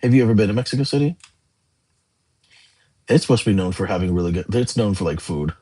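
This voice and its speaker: A man's voice: fairly low pitch, lively intonation, quick pace, mellow, husky. A young man hosting a casual livestream, chatting and answering viewer comments in a rambling way. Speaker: livestream host. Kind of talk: casual live chat reading comments.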